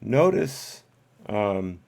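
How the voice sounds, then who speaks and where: A man's voice: on the low side, sing-song, very slow, gravelly, darkish tone. A man hosting a live stream, commenting casually with many hesitant fillers. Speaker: host.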